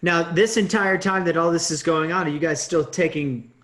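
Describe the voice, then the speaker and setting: A man's voice: on the high side, fairly even intonation, normal speed, fairly bright tone. A man hosting a casual talk show. He reacts to a guest's story with laughs and short exclamations. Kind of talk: casual chat.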